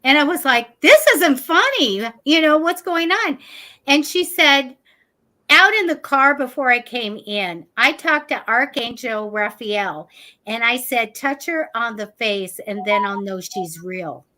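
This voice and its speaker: Bright-voiced woman telling a ghost story. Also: fairly high pitch, measured pace. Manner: animated, chatty, acts out quotes. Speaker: psychic show host. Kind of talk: casual storytelling on a live show.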